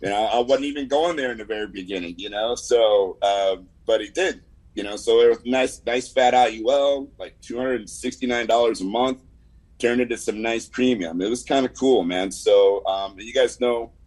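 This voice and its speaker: Speaking at normal speed in a slightly mellow, mid-range voice, this Southern Californian from the San Fernando Valley delivers an insurance agent's weekly sales update on a video call. He rambles easily, sprinkling in fillers and "man," and the recording quality is low.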